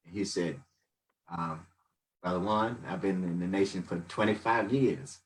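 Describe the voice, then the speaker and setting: A man's voice: low voice, measured pace, distant mic, rough recording. A man in his sixties giving a rambling, reflective testimony as a podcast guest, full of fillers. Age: 60s. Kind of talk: casual storytelling testimony.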